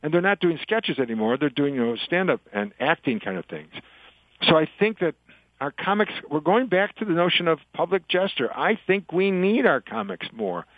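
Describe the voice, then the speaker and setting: A man's voice: on the high side, moderate pace, dry recording, poor audio. Older man, author guest, chatty joke-teller, dry close sound. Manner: chatty storyteller, animated in punchlines. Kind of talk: interview conversation, telling jokes.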